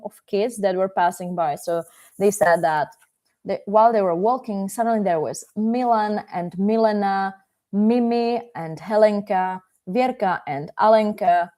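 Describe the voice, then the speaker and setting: A woman's voice: medium pitch, mellow. A woman with a Czech accent, a language teacher telling a live bedtime story in a playful, hesitant way with many fillers.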